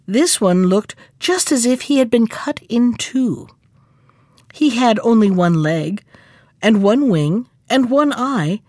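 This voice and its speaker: A woman narrating a fairy tale in an expressive storybook manner, close to the microphone. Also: on the high side, no echo.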